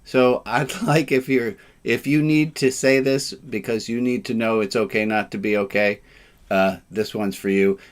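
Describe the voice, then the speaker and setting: A man leading a relaxed, informal service, joking and self-deprecating, with sarcastic asides. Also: on the low side, moderate pace.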